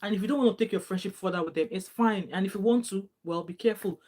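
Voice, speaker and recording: A woman's voice: mid-range voice, quick pace, darkish tone. A young adult woman from Nigeria with a Nigerian accent, chatting casually as a vlogger, telling stories and mixing in Pidgin phrases. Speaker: vlogger reading viewer comments. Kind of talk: casual chat.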